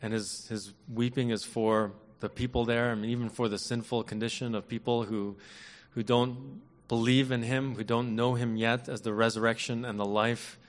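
A man preaching a sermon in an earnest, measured way, leaning on emphatic repetition. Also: medium pitch, level tone. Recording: long hall reverb.

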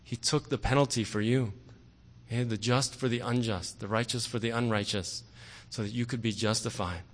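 A man preaching a sermon earnestly, often pausing on "okay" and growing forceful on key words. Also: mid-range voice, steady tone. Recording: long hall reverb.

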